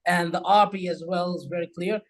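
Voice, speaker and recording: A man's voice: high voice, fairly even intonation, brisk, low-quality recording. Arabic-speaking male host explaining accents. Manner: addresses viewers as "guys", repeats phrases. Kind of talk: explanatory talk on English accents.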